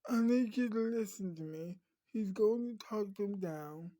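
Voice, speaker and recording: An earnest woman soothing a crying friend, as a storyteller puts her on, with a pleading, repetitive way of talking. She speaks slowly in a soft, mellow tone. The sound is dry and close. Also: mid-range voice, dry recording, close to an everyday voice. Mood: pleading reassurance. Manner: earnest, pleading, repeats herself.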